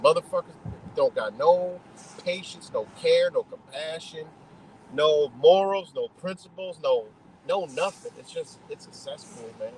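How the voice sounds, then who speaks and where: A man with a voice pitched a touch higher than most, delivering a profane ranting monologue. He talks in a heated, emphatic way, repeats himself and restarts sentences as he goes. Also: huge pitch swings, unhurried, darkish tone, slight background noise, rough recording. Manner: heated, emphatic, heavy swearing; repetitive, restarts mid-thought. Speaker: live streamer.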